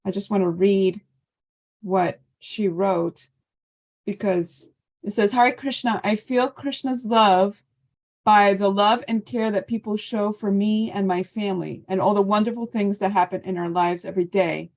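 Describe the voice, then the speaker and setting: A woman's voice: medium pitch, steady tone, measured pace. Woman leading an online scripture class. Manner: warm thanking and inviting sharing. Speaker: class leader.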